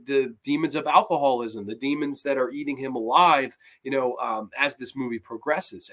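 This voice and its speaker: Excitable, foul-mouthed man, slightly high voice. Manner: excitable, profane, full of fillers. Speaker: horror movie reviewer and show host. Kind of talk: casual live-streamed movie review.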